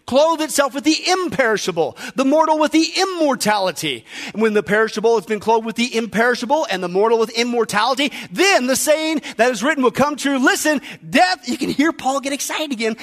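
A man preaching a sermon as pastor, lively and joking, often calling out to the congregation. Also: extremely high pitch, fairly quick, few pauses. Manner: energetic preaching with jokes, frequent "listen" and "folks". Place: church.

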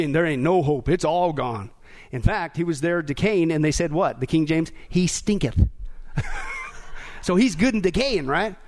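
A man preaching a sermon in an animated way, rising to shouts at the climaxes. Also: very high-pitched. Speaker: pastor.

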